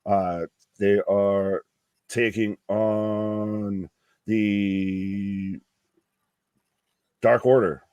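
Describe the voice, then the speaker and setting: A man's voice: lowish voice, little pitch movement, very slow, pauses often, mellow, clean tone, no echo, muffled recording. A man co-hosting a live wrestling watch-along stream, calling matches bluntly and swearing casually.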